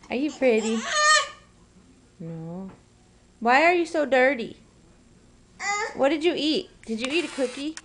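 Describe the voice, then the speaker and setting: A woman's voice: high-pitched, a little hiss or hum. A woman filming her toddler at home on a camera's built-in mic, coaxing her in sing-song baby talk and scolding her now and then. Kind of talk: home video, talking to a toddler.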